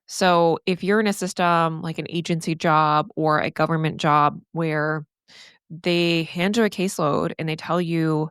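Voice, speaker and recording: A middle-aged woman hosts a solo podcast, talking to her listeners in an earnest, candid and animated way. Her voice sits slightly low for a woman. The recording is dry and close, with no room sound. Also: a little slow, clear, resonant tone, no room sound. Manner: earnest, candid, animated, casual swearing and laughs. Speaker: podcast host and therapist coach.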